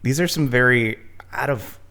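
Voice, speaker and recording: A man's voice: mid-range voice, moderate pace, sharp tone. Rambling, self-deprecating male podcast host. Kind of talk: casual movie commentary chat.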